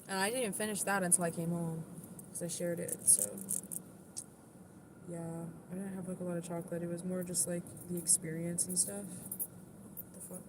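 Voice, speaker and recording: Against a noisy background, a young woman from the southern United States with a lowish voice chats casually on a live stream. The livestreamer comes across as blunt and defensive, saying "like" a lot.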